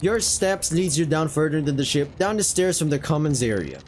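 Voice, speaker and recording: A man streaming a story game, narrating it casually with quick asides. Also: on the high side, darkish tone, slight background noise, poor audio. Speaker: streamer reading a game aloud.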